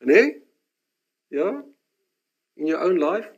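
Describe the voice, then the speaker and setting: High-voiced man preaching a lively testimony. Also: extremely slow, creaky, breathy edge, highs cut off. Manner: animated storytelling, drops to hushed tones for reflective lines. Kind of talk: sermon with personal testimony.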